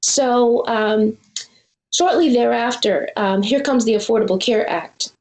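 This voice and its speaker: A woman in her forties shares a personal story as an interview guest, earnest and reflective. Her voice sits a little high for a woman. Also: unhurried, darkish tone, echoey room, low-quality recording. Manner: earnest, reflective, acts out quoted dialogue. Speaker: guest filmmaker.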